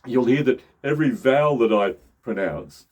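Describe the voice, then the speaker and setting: A man's voice: medium pitch, lively intonation, moderate pace, a little mellow, highs cut off. A middle-aged man giving a casual voice lesson, often restarting and repeating phrases as he speaks. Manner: shifts into demonstration voices. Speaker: voice teacher.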